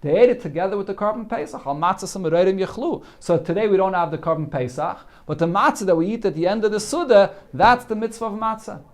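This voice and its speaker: Talmud teacher man, higher-pitched voice. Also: fast talker, few pauses. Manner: explains Aramaic text line by line with many fillers. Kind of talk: daily Talmud class.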